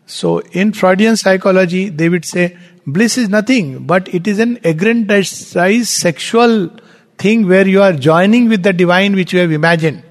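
High-voiced Indian man lecturing in a reverberant hall. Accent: Indian English. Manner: animated, explanatory, with rhetorical questions. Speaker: spiritual teacher. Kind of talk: spiritual lecture.

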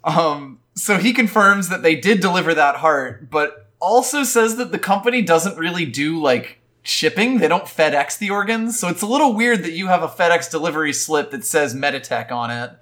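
Bright, animated man recapping an episode. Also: on the high side, moderate pace, hardly any pauses. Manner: animated, laughs often. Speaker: podcast co-host. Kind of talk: casual chat recapping an episode.

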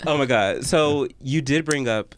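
A young man hosting a casual comedy podcast, telling stories in a campy, animated way and teasing his guests. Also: mid-range voice, measured pace, a little hiss or hum. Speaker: podcast host.

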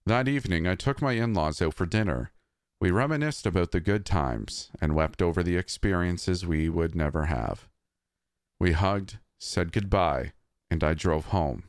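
A man reading a scripted horror story in a measured, somber way. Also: low-pitched, lively intonation, no room sound, studio quality.

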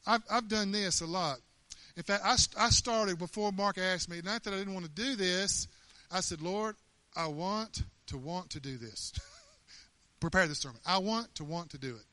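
A man preaching a sermon in an animated, emphatic way, often laughing as he talks. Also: on the high side, no room sound.

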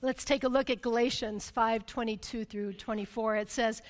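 A woman preaching in a sermon, her voice sitting high and ringing with long reverb from a big hall. She tells a personal story and keeps checking in with "right?". She moves between emphatic, loud passages and hushed, intense ones. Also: fairly even intonation, normal speed, hardly any pauses.

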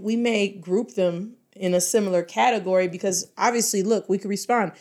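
A woman giving a casual, playful language lesson, explaining phrases with lively jumps in her voice for emphasis. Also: medium pitch, moderate pace, hardly any pauses. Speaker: Spanish teacher.

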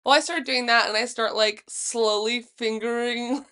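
A young woman co-hosting a podcast, telling a story in a casual, profane, animated way and acting out the quotes. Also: on the high side, normal speed, clear, resonant tone. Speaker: podcast co-host. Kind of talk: casual chat.

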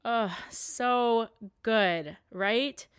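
A woman's voice: a little high, extremely slow, clear, resonant tone, no echo, clean studio sound. A woman hosting a podcast, giving a grateful, heartfelt sign-off to listeners. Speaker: podcast host. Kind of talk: podcast outro.

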